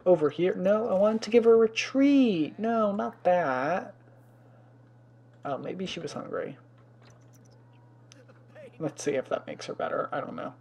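A man's voice: sits high, lively intonation, unhurried, vocal fry, pauses often, a little mellow. A young man hosting a life-sim let's play in casual commentary, chatty and fussy, exclaiming often and scolding the game's pets.

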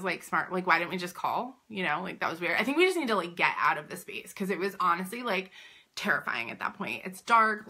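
Her voice is lowish and husky as this woman, a boutique owner and business coach, chats to camera. She retells a story animatedly and casually, with "like" in almost every phrase.

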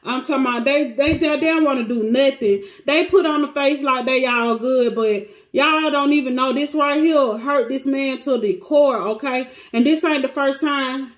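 A high-voiced woman moves at a moderate pace with few pauses while reading tarot for her viewers. The casual reading turns emotional, and she's close to tears. She talks dramatically to the cards and her audience alike.

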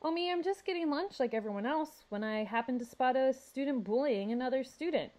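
A woman's voice: mid-range voice, lively intonation, fairly quick, warm tone, close to an everyday voice. A woman reading aloud as a confident, charming teenage elk boy who talks in a self-assured way. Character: smooth, confident teen elk boy, school president.

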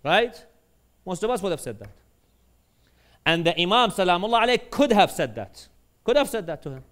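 Male imam, high-pitched, dramatic storyteller, big swings between loud peaks and hushed points. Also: big pitch swings, normal speed. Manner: rises to loud, high-pitched bursts when telling stories, drops low and quiet for points. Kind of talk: sermon. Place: mosque.

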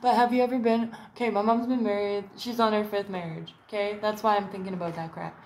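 A woman's voice: medium pitch, fairly even intonation, fast talker, background noise. A woman talking to camera in a rambling, profane vlog monologue, drifting between topics and slipping into little put-on voices. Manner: profane, wandering, puts on voices in quotes. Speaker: vlogger. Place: sitting at home.

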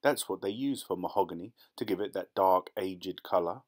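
A man voicing Mister Boggis, a fussy, smooth-talking antiques dealer posing as a clergyman, lecturing in a precise, indignant manner. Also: low voice, moderate pace, close to an everyday voice.

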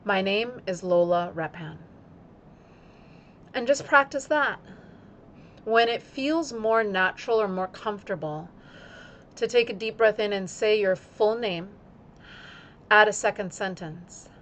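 Yoga teacher woman, slow deliberate phrasing. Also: medium pitch, fairly bright tone, slight background noise. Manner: demonstrates slow, deliberate breath-paced phrasing. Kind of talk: instructional video talk.

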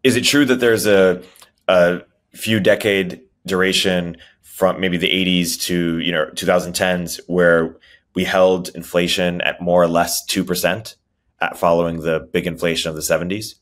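A man with a very deep voice co-hosts a casual podcast. He mostly chimes in with short agreements and now and then asks a plain, curious question. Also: level tone, moderate pace, a bit bright. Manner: brief agreeing replies and questions. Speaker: podcast co-host. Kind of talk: casual conversational.

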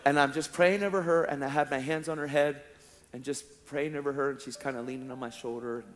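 A male preacher telling a testimony story in an animated way, acting out the dialogue and laughing along, in a large hall. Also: mid-range voice, brisk. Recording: long hall reverb, faint music.

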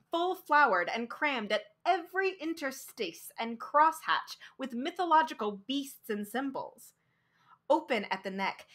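A woman reads a short story aloud in an unhurried, expressive way, leaning into dramatic pauses. Her voice is fairly high and bright, and each phrase is given room to land. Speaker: storyteller and streamer.

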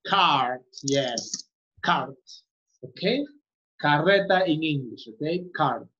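Woman teacher, patient, repeats words slowly, asks okay often, muffled lo-fi sound. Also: low-pitched, lively intonation, fairly bright tone. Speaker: English teacher. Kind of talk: online class instruction. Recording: muffled lo-fi audio.

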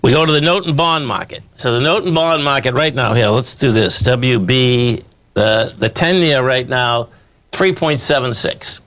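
A man's voice: mid-range voice, moderate pace, fairly bright tone. Rambling American market commentator, man. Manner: rambling, emphatic, folksy, repeats "bottom line" and "okay". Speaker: market analyst host. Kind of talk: live market commentary over charts.

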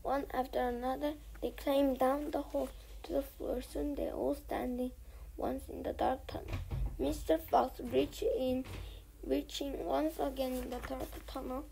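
A woman reading a children's book aloud, softly and often close to a whisper. Her voice sits high, with a gravelly, husky grain. She takes the story at an unhurried pace. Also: flat delivery, slight background noise, poor audio. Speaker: storybook reader.

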